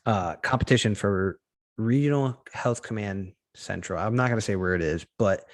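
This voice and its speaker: A man's voice: fairly low pitch, normal speed. A man co-hosting a podcast, chatting casually and ranting with a lot of swearing and restarts. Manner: profane, ranting, rambling with restarts. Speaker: podcast co-host.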